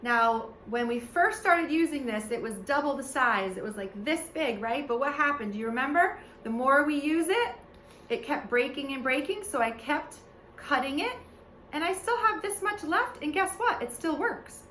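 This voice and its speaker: Bright-voiced, high preschool music teacher. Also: female voice, animated, moderate pace, reverberant, slight background noise. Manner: sing-song teacher talk to small children. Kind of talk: online preschool music lesson. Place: home, seated in front of a camera.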